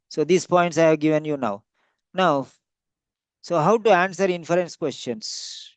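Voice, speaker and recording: High-voiced man teaching a lesson. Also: darkish tone, dry recording. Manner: repetitive, emphatic, stretches key words. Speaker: English teacher. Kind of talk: classroom lecture.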